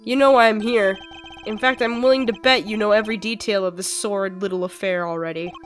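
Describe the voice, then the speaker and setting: A woman's voice: medium pitch, steady tone, brisk, natural voice. A sick-sounding woman voicing a composed male prosecutor, delivering lines in a dry, matter-of-fact way over faint music. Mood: cool.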